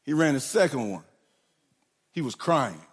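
A man's voice: medium pitch, sing-song, unhurried, slightly rough. A middle-aged man preaching a sermon with a sing-song cadence, often stuttering and repeating words as he tells coaching stories. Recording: long hall reverb.

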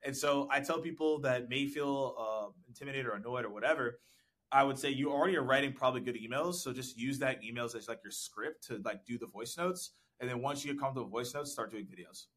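A man's voice: medium pitch, fast talker, fairly bright tone. A man being interviewed on a podcast about sales outreach, talkative and laughing often. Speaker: podcast guest, sales professional. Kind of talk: casual interview chat. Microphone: desk mic with content gear.

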